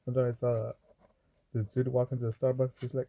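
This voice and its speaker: A coin roll hunter rambles loosely in a casual vlog while sorting coins, packing his talk with fillers and cursing. His mid-range voice is fast, gravelly and dark, with a little hiss or hum in the background.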